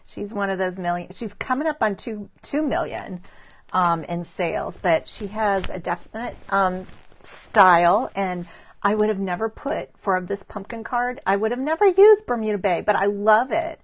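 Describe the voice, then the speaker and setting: A woman's voice: medium pitch, expressive, normal speed. Chatty woman showing handmade cards. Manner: chatty and admiring, greets viewers by name. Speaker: stamping demonstrator showing cards to live viewers. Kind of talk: casual live craft show-and-tell.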